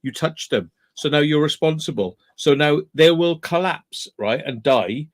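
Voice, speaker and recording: A man, telling a story in a casual chat as a guest calling in, animated and swearing freely. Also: fairly high pitch, unhurried. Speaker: guest on call.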